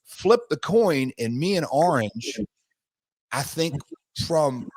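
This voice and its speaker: A man, co-hosting a podcast, telling animated stories and repeating himself as he goes. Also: on the high side, takes it slowly, no room sound. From United States. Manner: animated storytelling, rambling with restarts. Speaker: podcast co-host, former wrestler. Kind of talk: casual podcast chat.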